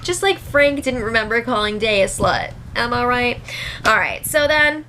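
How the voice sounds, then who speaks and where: A woman's voice: on the high side, animated, normal speed, pushed and bright, slight background noise, rough recording. A young woman giving a casual recap, chatty and laughing often as she retells what people said. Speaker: show recap host. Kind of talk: casual reality show recap.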